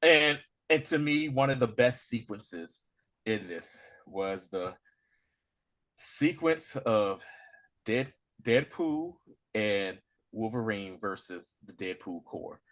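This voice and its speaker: Excitable guy on a movie podcast, bright voice, keeps laughing and doing the scenes. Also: fairly low pitch, slow pace. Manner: animated, laughs often, acts out quotes from scenes. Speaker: podcast co-host. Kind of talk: casual movie review chat.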